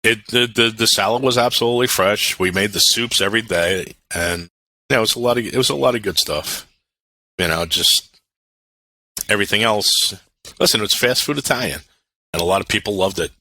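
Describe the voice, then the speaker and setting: A man in his fifties from Brooklyn, a podcast guest telling lively restaurant stories and acting out the voices of the people in them. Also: fairly low pitch, brisk, dry recording. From Brooklyn, New York. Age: 50s. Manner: animated, acts out other people's voices, repeats words when starting. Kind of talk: casual storytelling.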